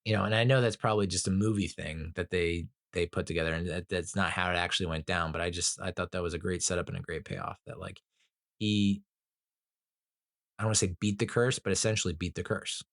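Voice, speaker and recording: A man's voice: deep voice, steady tone, a little fast, gravelly, fairly bright tone, no echo, clean studio sound. A man giving a casual, rambling movie review, emotional and swearing a lot, with frequent laughs.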